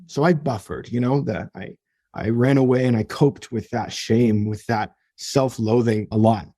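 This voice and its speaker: A man's voice: mid-range voice, moderate pace, warm tone, no echo, studio quality. A young man, a podcast guest, telling his own story earnestly and emotionally, often restarting his sentences. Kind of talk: personal story in an interview.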